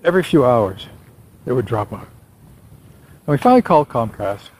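A man's voice: medium pitch, big pitch swings, normal speed, darkish tone, rough recording. A man talking through his writing plans in a casual walking vlog, rambling and correcting himself with a wry tone. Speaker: vlogger and novelist.

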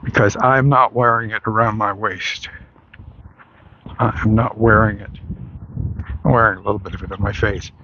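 Lower-voiced man rambling on a walk. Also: fairly even intonation, moderate pace, pauses often, pushed and bright, slightly rough, lo-fi sound. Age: adult, long into adult life. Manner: rambling, self-correcting, wry laughs. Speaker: vlogger. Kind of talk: casual rambling monologue while walking. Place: outdoors on a street.

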